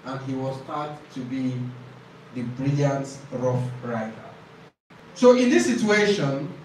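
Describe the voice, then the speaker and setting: A man teaching a classroom exam-prep lesson, explaining slowly, repeating key phrases and quizzing his students. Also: mid-range voice, lively intonation, slight background noise. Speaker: IELTS tutor. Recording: echoey classroom from far off.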